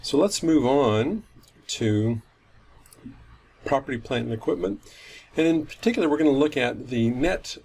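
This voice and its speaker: A man's voice: mid-range voice, expressive, measured pace, creaky, pauses often, a little mellow, slightly rough. A man teaching finance in a recorded lecture, explaining step by step and often correcting himself mid-sentence. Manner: methodical, self-correcting explanation. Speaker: finance instructor.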